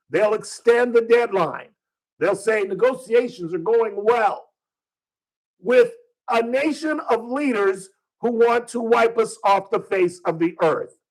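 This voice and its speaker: A man's voice: very high voice, low-quality recording. A male talk radio host speaking from a studio, delivering a combative opinion monologue full of rhetorical questions. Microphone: studio microphone.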